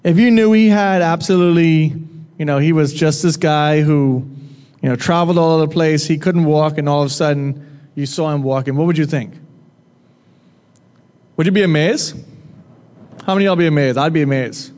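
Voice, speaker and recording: A man delivering a sermon with a slightly raised pitch, talking to the room as if chatting with it. He puts questions to the crowd and teases them now and then. His voice rings out with a long reverb, as in a large hall. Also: moderate pace, long pauses, darkish tone. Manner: conversational, asks the audience questions and jokes with them. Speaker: preacher.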